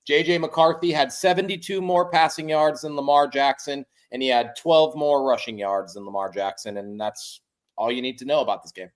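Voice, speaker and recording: A podcast co-host speaks at a moderate pace in a steady, medium-pitched voice. In this casual sports chat, he rambles, leans heavily on "like," and swears while criticizing the team.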